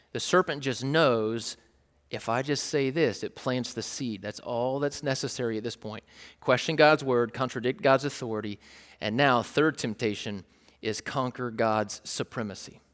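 A man's voice: medium pitch, moderate pace, a bit bright. A man preaching a sermon as a pastor, talking in a conversational, explanatory way with frequent "like" and restarts. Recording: long hall reverb.

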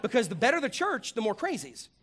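Male preacher with a high, expressive voice; comic and animated sermon delivery. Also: fast talker. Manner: animated, humorous, acts out voices. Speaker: pastor.

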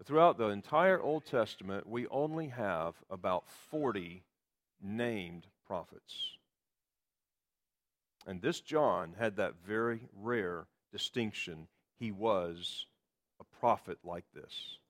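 A man's voice: fairly low pitch, animated, takes it slowly. A man preaching a sermon, explaining scripture with emphatic quotations. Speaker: pastor.

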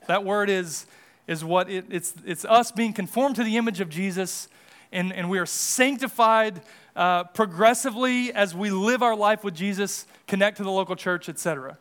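Pastor, male, higher-pitched voice, earnest sermon delivery that builds for emphasis. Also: normal speed, a bit bright. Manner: earnest preaching, rises in pitch and volume for emphasis.

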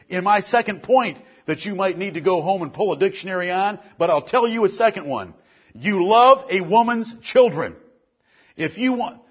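A man's voice: high voice, slightly rough, highs cut off. A man preaching a sermon as pastor, building emphasis through repeated lists.

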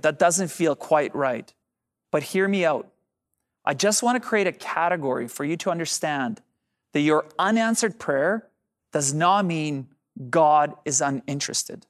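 A man preaching a sermon as pastor, addressing the congregation directly and drawing out key phrases for emphasis. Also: on the high side.

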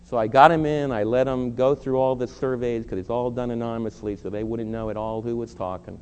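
A middle-aged male pastor delivers an earnest, emphatic sermon, pressing his listeners and then owning his own faults. His voice is mellow and dark. It rings with the long reverb of a large church hall over a faint hum. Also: medium pitch, fairly even intonation, fairly quick. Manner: earnest, emphatic preaching with confessional asides.

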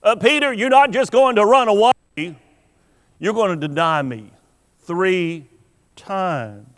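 A man's voice: high voice, expressive, takes it slowly, fairly bright tone. A man preaching a sermon in an earnest, emphatic way, acting out the lines he quotes. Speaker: pastor. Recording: long hall reverb.

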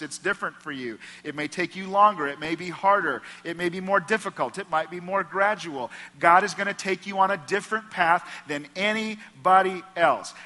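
Preaching a sermon in a church auditorium, this Midwestern American pastor addresses the room in an earnest, conversational way. His voice is bright, forward and slightly high for a man, with a long reverb tail. He hammers each point by stacking repeated phrases.

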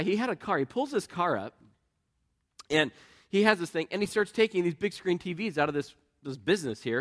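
A middle-aged man preaching a sermon in an earnest, conversational way, asking the congregation questions and telling personal stories. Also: on the high side. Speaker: pastor.

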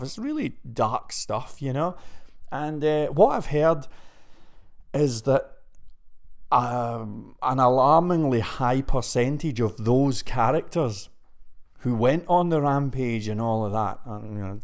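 Male vlogger, conversational, winded and rambly, middle-range voice. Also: medium pitch. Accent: non-American English. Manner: chatty and rambling, addresses viewers directly. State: out of breath from pacing. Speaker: web development vlogger. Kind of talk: casual to-camera vlog. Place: indoor room.

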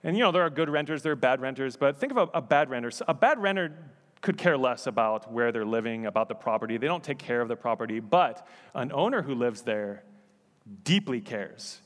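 A man's voice: medium pitch, lively intonation, brisk, long reverb tail. A male pastor preaching a sermon in a church, conversational with joking asides. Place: church sanctuary.

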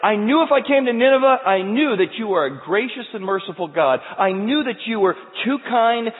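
A man preaching voices the prophet Jonah as a sulking, self-righteous grown man who rants in a shrill, indignant way. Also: expressive, fairly quick. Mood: frantic, exasperated. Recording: tinny sound, long hall reverb.

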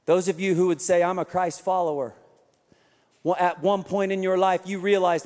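A man's voice: high-pitched, fairly even intonation, moderate pace, darkish tone. A male pastor preaching a sermon, mixing scripture with self-deprecating, humorous stories. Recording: long hall reverb.

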